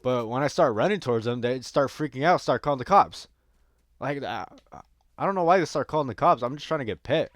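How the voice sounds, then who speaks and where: A man's voice: medium pitch, expressive, brisk, dry recording, clean studio sound. A man giving casual gameplay commentary, rambling and joking crudely with a lot of swearing. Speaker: gaming streamer.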